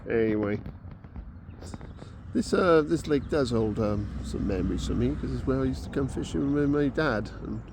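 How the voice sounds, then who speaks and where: A man's voice: medium pitch, animated, moderate pace. A man vlogging outdoors at a lake, rambling casually between jokes and fishing talk. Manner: rambling, joke-telling, chatty. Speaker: angling vlogger. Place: lakeside, outdoors. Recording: outdoor recording with clear background noise.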